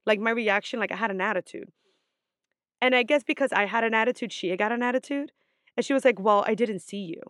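A woman's voice: on the high side, fast talker, fairly bright tone, dry recording, studio quality. Chatty, foul-mouthed young woman storyteller. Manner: profane, chatty, full of "like" fillers. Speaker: vlogger. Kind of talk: casual storytelling.

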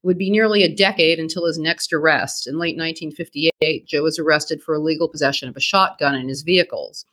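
A podcast co-host with a Boston accent narrating true crime history, brisk, with blunt, profane asides. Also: mid-range voice, fairly bright tone.

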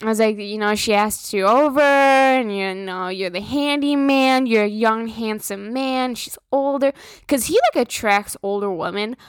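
A woman's voice: fairly high pitch, a little slow, clean tone, no echo. A young woman, hosting a podcast and venting casually, full of swearing and filler words. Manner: profane, rambling, filler-heavy. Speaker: podcast host.

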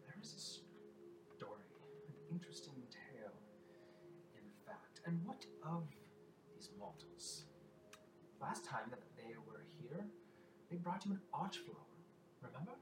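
A man puts on a sly fey lord of song and dance for a tabletop game, lilting and theatrical as he recites rhymes. The voice climbs high and swoops around. It sounds roomy and far from the mic, with loud ambience behind. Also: very animated, unhurried, long pauses, noisy background.

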